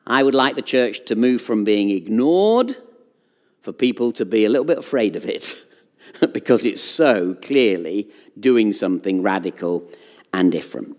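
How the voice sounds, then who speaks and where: Man, preacher, lively rising and falling pitch, earnest emphatic sermon, long hall reverb. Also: moderate pace. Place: church hall.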